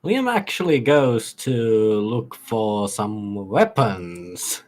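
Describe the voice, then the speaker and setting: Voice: medium pitch, sing-song, takes it slowly. A player in a tabletop game, describing his moves hesitantly with many fillers. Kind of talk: casual tabletop play.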